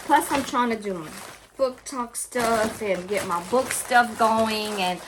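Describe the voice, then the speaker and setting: Woman host, slow easy delivery, chatty and gushing, casual vlog. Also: a little high, noisy background. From Louisiana, US. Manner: chatty, gushing, talks straight to viewers with lots of "y'all". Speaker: craft and book channel host.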